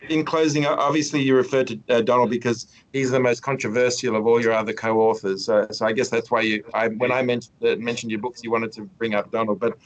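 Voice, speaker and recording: A man hosting a podcast interview, talking in a rambling, halting way with many restarts. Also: medium pitch, flat delivery, low-quality recording. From Australia. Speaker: podcast host. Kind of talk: casual interview chat.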